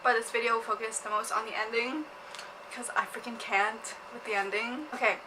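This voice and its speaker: A woman's voice: on the high side, fairly even intonation, brisk, noisy background. A young woman vlogging about a book, giggly and gushing, laughing and apologizing as she talks. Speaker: booktube vlogger. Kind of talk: casual chat.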